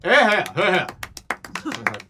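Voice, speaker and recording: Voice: mid-range voice, sing-song, slow pace, heavy background noise, pitched above the performer's own voice. A game master voicing a stern, haughty male emperor who lectures in a formal, bellowing way. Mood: shouting.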